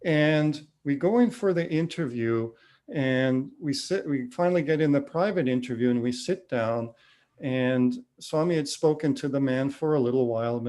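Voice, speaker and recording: A man's voice: mid-range voice, darkish tone. A man in his fifties giving a spiritual testimony talk, telling his story earnestly with restarts and acted-out dialogue. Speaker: devotional speaker.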